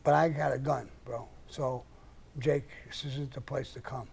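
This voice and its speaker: Gravelly older man telling blunt stories. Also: mid-range voice, fairly even intonation, a little slow, a little mellow, a little hiss or hum. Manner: blunt, profane storyteller. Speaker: live-stream host answering questions. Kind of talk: casual storytelling.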